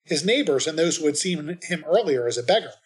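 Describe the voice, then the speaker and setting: A man reading the responsorial psalm and scripture readings at Mass in a measured, steady way. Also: on the high side.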